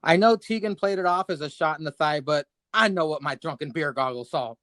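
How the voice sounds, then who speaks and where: A man co-hosting a podcast, reading his match notes with crude jokes in a deadpan way. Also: on the high side, brisk, dry recording, clean studio sound. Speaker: podcast co-host.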